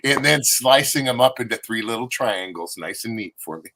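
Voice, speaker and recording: Teasing man with a bright voice. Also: medium pitch, lively intonation, moderate pace. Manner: teasing, joking, swears casually. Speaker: friend on the show. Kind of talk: joking banter.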